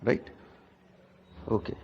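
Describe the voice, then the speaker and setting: A man teaching a spoken English lesson, speaking deliberately and often checking in with "right?". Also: mellow, lo-fi sound, slight background noise. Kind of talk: classroom lecture.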